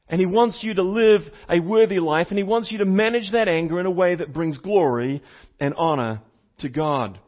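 A man with a high voice preaches a teaching sermon. He repeats his main points and puts questions to the congregation. The recording sounds slightly dull and lo-fi. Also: expressive, normal speed. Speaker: pastor.

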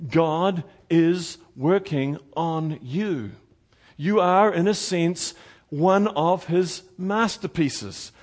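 A middle-aged man preaching a sermon as pastor, earnest, slowing down to stress key words. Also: on the high side.

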